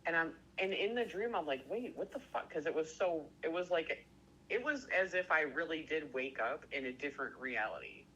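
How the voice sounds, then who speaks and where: A man telling a story in casual chat, excitable and rambling, swearing constantly and stuffing every sentence with "like". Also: fairly high pitch, moderate pace, dull audio, a little hiss or hum. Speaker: podcast co-host.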